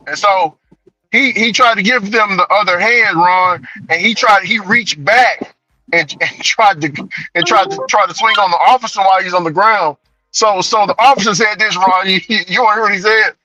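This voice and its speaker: A man's voice: high-pitched, moderate pace, dry recording, rough recording. A man telling a story in casual chat as a delivery driver vlogger, laughing often. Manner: laughing, animated retelling.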